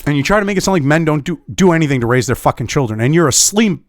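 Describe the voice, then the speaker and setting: Angry, high-pitched, profane male ranter. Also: animated, rapid-fire, no echo. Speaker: commentary vlogger. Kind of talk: ranting political commentary.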